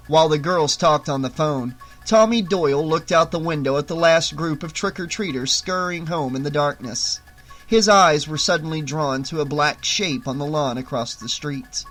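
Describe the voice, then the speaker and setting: An audiobook narrator reading a horror novel in a measured way, dropping low for suspense. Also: a bit bright, faint music behind.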